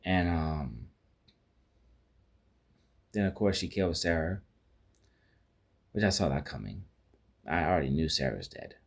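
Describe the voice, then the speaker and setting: Low husky-voiced man reviewing a film. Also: expressive, a little slow, pauses often. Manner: rambling, with many restarts and fillers; retells scenes by acting out quoted lines. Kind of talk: casual spoken movie review.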